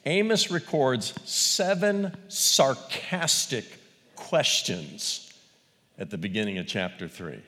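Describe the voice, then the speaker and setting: A man preaching a sermon, animated, rising to loud peaks and dropping to quiet asides. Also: medium pitch, slow pace, long reverb tail. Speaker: pastor.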